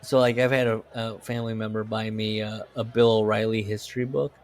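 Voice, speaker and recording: A man's voice: fairly low pitch, little pitch movement, fairly quick. A man co-hosting a podcast, telling rambling stories in casual chat, laughing often and swearing. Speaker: podcast co-host.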